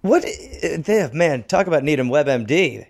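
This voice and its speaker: A man's voice: a little high, lively intonation, moderate pace, vocal fry. A man co-hosting a comedy podcast, reacting with sarcastic, incredulous quips. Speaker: podcast co-host. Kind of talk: casual comedic banter.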